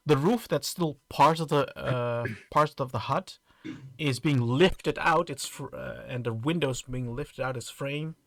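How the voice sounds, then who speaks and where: A man's voice: medium pitch, a little slow, vocal fry, a bit bright, no echo, studio quality. A man running a tabletop game, describing scenes with frequent restarts. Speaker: game master.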